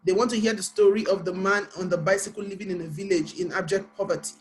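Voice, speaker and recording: A woman's voice: mid-range voice, fairly even intonation, quick pace, rough recording. Nigerian woman, author guest on a panel; Nigerian English accent, earnest storytelling, carefully paced speech.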